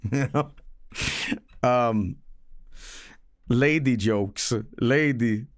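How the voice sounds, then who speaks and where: A man's voice: medium pitch, animated, normal speed, no room sound, clean studio sound. A man streaming live, chatting casually about a movie he saw, with rambling, profane, joking storytelling.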